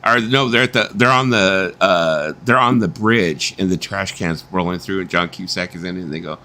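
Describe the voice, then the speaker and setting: A middle-aged man hosts a casual live-stream chat in a deep, pushed, bright voice at a moderate pace. He swears freely, laughs often and slips into voices when telling stories.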